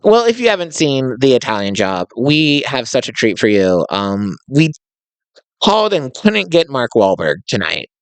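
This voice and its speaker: A man hosting a casual movie podcast, talking in a mid-range voice. His voice is smooth and the sound is dry and close. He rambles, restarts and hedges as he goes. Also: mid-range voice, huge pitch swings, normal speed, no room sound. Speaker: podcast host.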